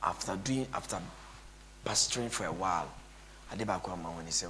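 A man's voice: deep voice, a little fast, long pauses, sharp tone, slight background noise. A male pastor, preaching with a tired voice and breaking into tongues and chanted repeated phrases. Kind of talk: preaching to a gathering.

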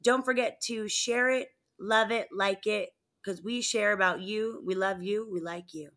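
A woman's voice: mid-range voice, unhurried. A woman co-hosting a podcast, telling funny stories in a casual chat and laughing often. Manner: animated storyteller, laughs often. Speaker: podcast co-host.

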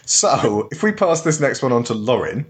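A playful voice running a group reading game, pitch moving a lot as they tease and direct the readers. The speech is loose banter. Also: sing-song, moderate pace. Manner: teasing, gives readers directions. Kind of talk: casual banter.

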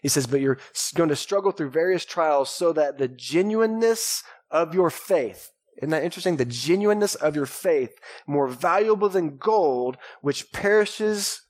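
Pastor, male, thirties, from Texas, preaching to a live congregation in a lively way, voice a little high. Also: moderate pace, hardly any pauses. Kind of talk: sermon. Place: church sanctuary before a congregation. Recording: live church recording.

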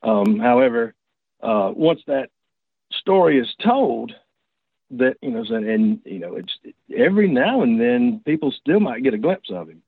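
A man's voice: mid-range voice, sing-song, vocal fry, husky, no echo. A man telling a personal story in a casual, rambling way, stopping and restarting often. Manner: rambling, halting, many restarts. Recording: dry tinny phone line.

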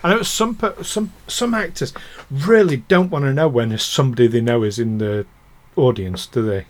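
A man's voice: mid-range voice, normal speed. Giggly rambling podcast host, a man. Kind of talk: casual chat.

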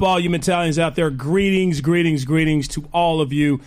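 A man's voice: on the high side, fairly even intonation, moderate pace, a little mellow, faint music behind. A man hosting a live radio talk show, hyped and joking, often laughing. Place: radio studio.

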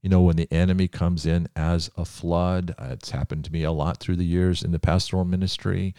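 A man's voice: sits low, level tone, fairly quick, dark tone, clean tone, no room sound, studio quality. An older man preaching a fervent sermon as a pastor, building to emphatic praise.

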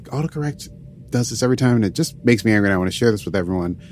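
A man's voice: fairly low pitch, expressive, racing, darkish tone, slight background noise. Jokey man co-hosting a podcast. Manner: jokey, slips in and out of playful put-on voices. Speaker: podcast co-host. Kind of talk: casual podcast chat and episode recap.

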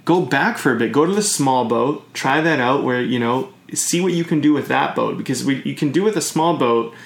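A man's voice: medium pitch, moderate pace, vocal fry. Brief: easygoing man, talky and meandering, in a room with noticeable echo. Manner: rambling, uses sailing comparisons, many fillers. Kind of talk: casual podcast chat.

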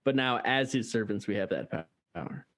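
A man's voice: fairly low pitch, lively intonation, a little fast, a bit bright. Hesitant player man thinking aloud. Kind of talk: tabletop role-play chat over a video call.

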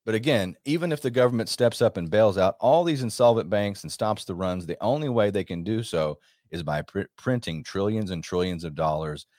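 Deep-voiced emphatic male radio host. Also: animated, fairly quick, hardly any pauses, darkish tone, dry recording, studio quality. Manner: emphatic, rambling, with frequent restarts. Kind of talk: monologue commentary.

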